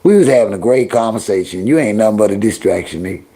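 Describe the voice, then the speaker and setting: On a casual livestream, a middle-aged host speaks directly to his viewers and chat, scolding them in heavy slang and repeating himself in a drawl. His voice is low-ish, warm, animated, and quick.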